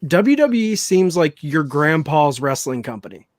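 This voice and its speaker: A man in his late thirties with a slightly high voice, recorded close and dry. He makes emphatic points, stumbling over his first words before he gets going. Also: big pitch swings, moderate pace, dry recording. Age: late 30s. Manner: emphatic, stammers at the start of points. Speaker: podcast co-host. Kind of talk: casual wrestling chat.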